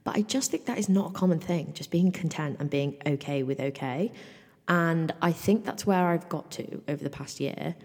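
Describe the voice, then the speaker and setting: Woman in her mid-twenties, low mellow voice, rambly casual podcast chat, reverb-heavy room. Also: normal speed. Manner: rambling and chatty, with lots of "like" and casual swearing. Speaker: podcast host. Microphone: microphone, in front of a mirror.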